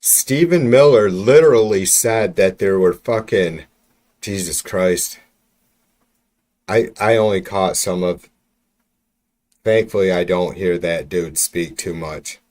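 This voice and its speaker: A man's voice: sits low, takes it slowly, pauses often, darkish tone. A man hosting a livestream, ranting about politics in a profane, exasperated way with lots of restarts. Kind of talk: casual ranting livestream commentary. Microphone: computer mic while streaming.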